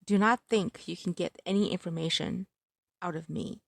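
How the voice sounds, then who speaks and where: A woman's voice: lowish voice, normal speed, vocal fry, dry recording. A woman voicing a studious young man who is dry, sardonic and easily exasperated. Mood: knowing. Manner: sardonic, clipped.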